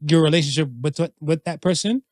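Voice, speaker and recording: A man co-hosting a casual chat podcast, his voice a touch higher than most men's. He talks loosely, with plenty of fillers, and acts out little quoted lines along the way. The recording is close and dry, with no room sound. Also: fairly quick, a little mellow, no echo. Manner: conversational, drops into playful acted quotes. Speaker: podcast co-host.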